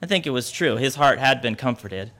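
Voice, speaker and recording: A man preaching a sermon, lively and animated, acting out the voices of the people he quotes. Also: medium pitch, a little fast. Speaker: pastor.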